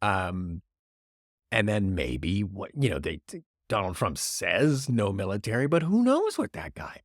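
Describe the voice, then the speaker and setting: A man rambles through upbeat news with jokes and self-mockery. His pitch swings lively from phrase to phrase, and he sits close to a podcast mic in a dry, dead room. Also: measured pace, no echo. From Canada. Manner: rambling, joking, self-deprecating. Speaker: podcast host. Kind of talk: casual comedic news talk. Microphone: podcast microphone.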